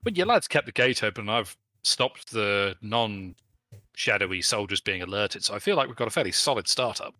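A man's voice: lowish voice, animated, moderate pace, sharp tone, no echo. A man from Buckinghamshire with an English RP accent, chatting and joking as a player in an online tabletop game. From Buckinghamshire, England.

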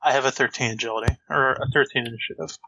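A man's voice: medium pitch, steady tone, rapid-fire, vocal fry, bright, forceful tone, dull audio. A man playing a tabletop role-playing game, blunt and eager for a fight. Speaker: player.

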